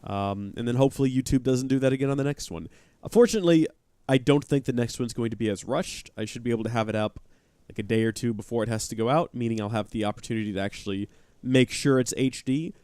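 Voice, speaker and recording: A man's voice: mid-range voice, quick pace, darkish tone, clean tone, dry recording. A man chatting and joking while playing a game live, talking to his viewers. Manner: chatty, joking, reads chat aloud. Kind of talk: live let's-play commentary.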